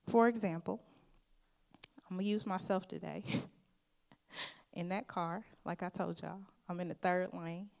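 A woman preaching a sermon. Her delivery is earnest and emphatic, and she speaks to the congregation in a loose, conversational way, calling them "y'all." Her pitch sits at an ordinary middle height. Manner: informal, conversational phrasing. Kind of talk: sermon with personal testimony.

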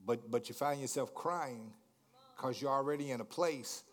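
A man preaching a sermon, repeating words in stammering restarts, asking the congregation questions and swinging from hushed lines to shouted climaxes. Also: mid-range voice, normal speed. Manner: repetitive stammering restarts, call-and-response questions. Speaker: pastor.

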